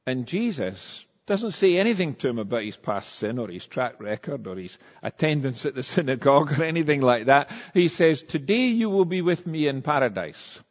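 A man's voice: medium pitch, normal speed, few pauses. Man preaching in a reverberant hall. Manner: conversational, animated storytelling with acted-out quotes. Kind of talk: sermon. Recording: dull sound with long reverb in a church hall.

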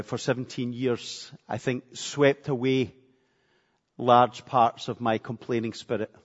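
A man preaching a sermon with earnestness, repeating phrases for emphasis. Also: medium pitch. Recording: echoey hall, dull lo-fi sound.

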